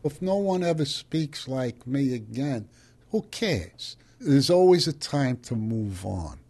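An older man with a thick New York City accent and a gravelly, fry-laden voice. He speaks slowly and bluntly, with a streetwise edge. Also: mid-range voice, big pitch swings, mellow. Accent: New York City working-class. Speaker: interviewee. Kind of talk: interview.

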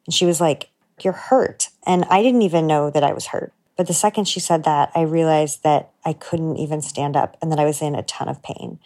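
A woman's voice: low-pitched, fairly quick, a little mellow. A woman telling a heartfelt personal story in an earnest, reflective way, dropping her voice for her own inner thoughts. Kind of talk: personal story told to a producer.

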